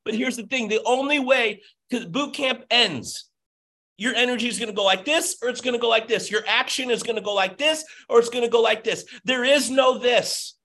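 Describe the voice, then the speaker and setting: A man giving a passionate motivational pep talk as a business coach, nearly yelling, over a video call. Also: very high voice, normal speed.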